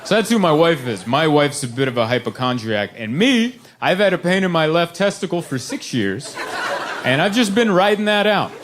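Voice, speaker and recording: A male stand-up comic tells his stories in a deadpan, self-deprecating way, with a fairly high, very animated voice. He is on a club stage with a handheld mic. Steady room noise runs under the live recording. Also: moderate pace. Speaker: stand-up comedian. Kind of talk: stand-up comedy routine.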